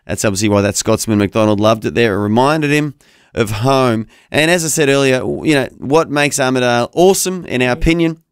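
An upbeat Australian man co-hosting morning radio, talking in quick, cheerful bursts. His voice is smooth and resonant, close to the studio mic with a dry sound. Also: medium pitch, no echo. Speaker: radio co-host. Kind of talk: casual breakfast radio chat. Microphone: studio microphone.

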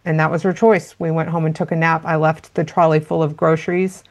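A woman's voice: sits low, little pitch movement, fairly quick. A woman, a guest sharing parenting stories in casual, earnest chat. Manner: earnest, storytelling, acts out quotes.

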